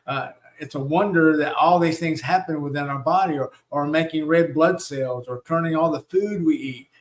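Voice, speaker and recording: A man's voice: a little high, normal speed, slight background noise. A man hosting a live spiritual teaching. He coaxes his listeners along and checks in often with "right?" and "okay?" as he leads them through repeated affirmations. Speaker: spiritual teacher and show host.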